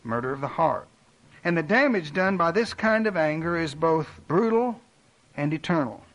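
A man preaching a sermon, earnest and direct, making personal appeals and dropping his voice low for emphasis. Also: expressive, normal speed, a bit bright, rough recording. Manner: earnest preaching with dramatic drops in volume. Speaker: pastor.

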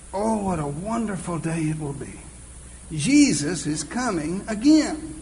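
A man preaching a sermon, earnest and exclaiming, reading scripture slowly and deliberately. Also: high voice, a little hiss or hum, poor audio.

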